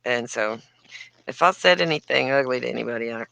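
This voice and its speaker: Woman host, bright voice, dry close sound, chatty and giggly. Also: rumbling low, a little fast, vocal fry, no echo. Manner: chatty, giggly, self-deprecating. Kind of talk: casual live chat.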